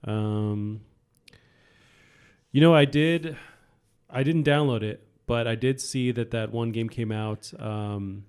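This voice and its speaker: A young man co-hosting a podcast, chatting casually and hesitantly with many pauses and restarts. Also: mid-range voice, a little mellow, clear, resonant tone. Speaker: podcast co-host. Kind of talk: casual chat about video games.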